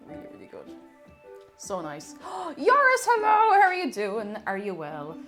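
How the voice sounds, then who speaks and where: A woman's voice: high-pitched, a little slow, faint music behind. A woman chatting casually to viewers while cooking live at home, reading out messages and greeting people, sometimes drifting away from the mic. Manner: chatty, reads chat aloud and greets viewers excitedly. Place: home kitchen. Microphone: moves away from mic while cooking.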